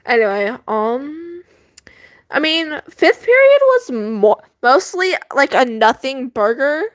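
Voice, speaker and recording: Teen girl vlogger, high-pitched, slow rambling delivery, giggly. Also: no room sound. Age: teens. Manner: rambling, giggly, lots of fillers. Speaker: student vlogger. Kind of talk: casual chat. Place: bedroom at home.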